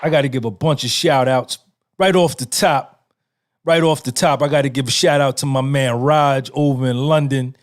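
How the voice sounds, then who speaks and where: A man's voice: medium pitch, steady tone, normal speed. A man, hosting his own podcast in a casual monologue, emphatic and repetitive, firing off rhetorical questions. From New Jersey. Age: 50s. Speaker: podcast host.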